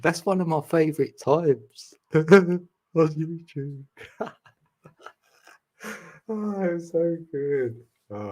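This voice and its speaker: A man's voice: medium pitch, darkish tone, husky. A man, chatting casually with viewers on a live stream, laughing often and teasing them.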